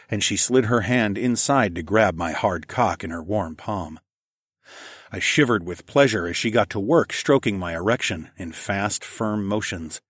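A man narrating an erotic audiobook in the first person, in a soft, hushed, low-key delivery. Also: dry recording, studio quality.

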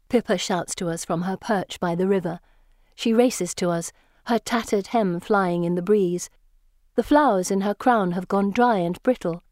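Reading an audiobook in the first person, this narrator keeps a calm, even storytelling pace. She has a medium-pitched voice, recorded clean in a studio with no room sound at all.

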